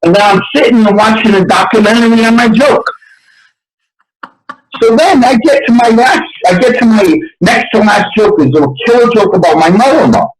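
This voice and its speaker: A man who works as a stand-up comedian tells a story in a lively way and acts out the voices of the people in it. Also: sits high, normal speed, echoey room, poor audio. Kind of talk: storytelling anecdote.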